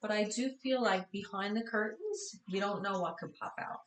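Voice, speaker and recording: A woman's voice: mid-range voice, normal speed, echoey room, far from the mic, a little hiss or hum, poor audio. A woman giving a casual tarot reading, tired and chatty, apologizing and correcting herself as she goes. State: tired, yawning. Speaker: tarot reader.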